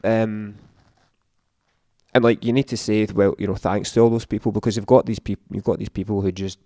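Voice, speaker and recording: A man's voice: lowish voice, steady tone, fairly quick, dark tone, no room sound, studio quality. A man, a podcast guest, telling an emotional story in casual chat, swearing often.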